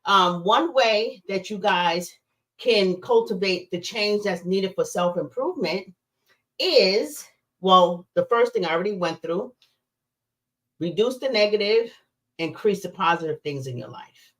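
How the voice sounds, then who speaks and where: A woman's voice: mid-range voice, animated, a little slow. A woman hosting a casual motivational livestream. She talks in a chatty, emphatic way and breaks off to answer chat comments. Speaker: livestream host.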